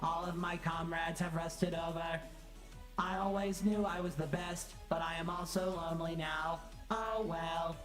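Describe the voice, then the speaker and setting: A performer voicing a stiff, lonely guard robot in a fan dub, with a robotic filter and formal, flat delivery. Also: medium pitch, a little slow, soft background music.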